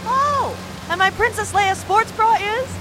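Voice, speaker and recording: A woman playing a sharp-tongued adventurer in a comedy audio drama, with a dry, sardonic delivery. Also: very high-pitched, unhurried. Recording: music in the background.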